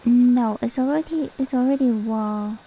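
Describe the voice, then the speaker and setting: A woman's voice: a little high, moderate pace, slightly rough, highs cut off. A woman streamer, not a native English speaker, chatting playfully and laughing often while she comments on a game. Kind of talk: casual gaming commentary.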